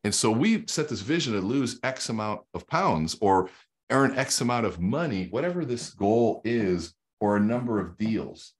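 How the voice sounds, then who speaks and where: Brief: middle-aged male speaker, deep and a little husky, teaches like a coach while sketching on a whiteboard. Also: animated, moderate pace. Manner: storytelling with quoted dialogue, emphatic. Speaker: guest speaker and sales coach. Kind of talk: energetic explanatory talk.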